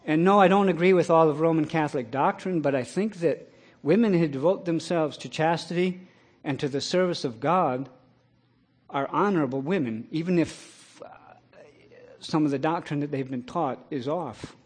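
A middle-aged man preaching a sermon, telling a personal story in a plain way and breaking into loud, impassioned scripture quotes. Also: on the high side, normal speed. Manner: rises to loud impassioned preaching, then drops to quiet storytelling.

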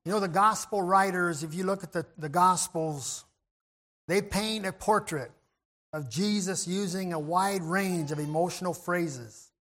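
A man preaching a reflective sermon in a gentle way. He often clears his throat and restarts his phrases. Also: high voice, unhurried.

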